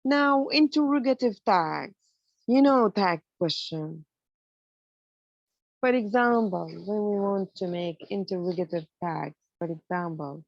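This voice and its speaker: A woman's voice: mid-range voice, measured pace, vocal fry, no echo, highs cut off. Woman teaching English grammar. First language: Arabic. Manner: explains in English mixed with Arabic, many fillers. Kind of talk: online lecture.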